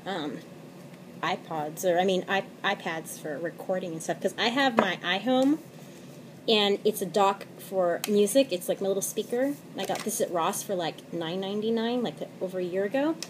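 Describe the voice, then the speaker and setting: A woman in her thirties, a mother, rambling casually through a craft tutorial at home at night, laughing often and dropping into quiet asides. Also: mid-range voice, moderate pace, noisy background. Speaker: crafting vlogger. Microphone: tablet camera.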